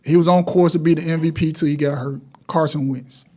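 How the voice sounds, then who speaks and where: A man with a somewhat high-pitched voice hosts a casual sports talk show. He reads through his list with playful, announcer-style calls and good-humored swagger. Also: steady tone, fairly quick, darkish tone.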